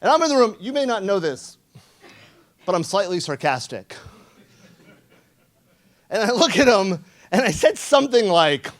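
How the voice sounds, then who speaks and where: A man's voice: high voice, sing-song, moderate pace, pauses often. A man giving a conference talk, telling a story in a sarcastic, profane way and acting out the quoted lines. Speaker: conference speaker. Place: conference room.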